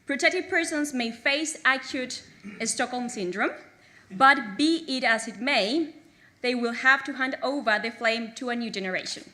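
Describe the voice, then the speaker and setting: Bright high-voiced woman reading joke articles. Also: measured pace. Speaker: graduating student presenter. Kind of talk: humorous mock-legal reading at a ceremony.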